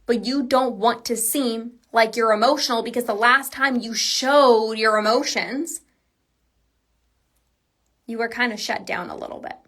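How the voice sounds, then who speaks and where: A woman's voice: on the high side, a little slow, a bit bright. A woman coach talking alone on a podcast, earnest and emphatic, casual with lots of "like"s. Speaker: binge eating coach. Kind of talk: solo podcast monologue.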